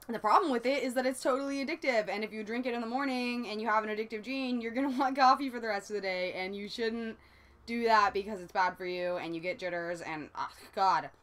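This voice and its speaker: A woman's voice: medium pitch, a bit bright. A young woman in her twenties with a Southern Californian accent, talking casually in a rambling, confessional vlog full of "like" and casual swearing. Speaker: vlogger.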